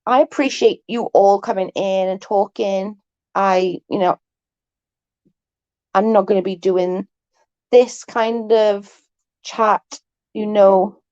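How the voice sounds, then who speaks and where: A woman's voice: mid-range voice, fairly even intonation, slow, long pauses, a little mellow, no room sound, dull audio. A woman hosting a live stream, chatting casually with viewers; she is tired, stutters a little and keeps restarting her sentences. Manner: mild stutter.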